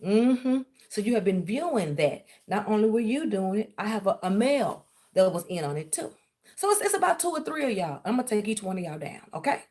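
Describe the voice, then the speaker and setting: A woman's voice: medium pitch, big pitch swings, fairly quick, darkish tone. A woman, ranting on her vlog and sarcastically accusing someone of spying on her. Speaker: vlogger. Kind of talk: confrontational callout rant.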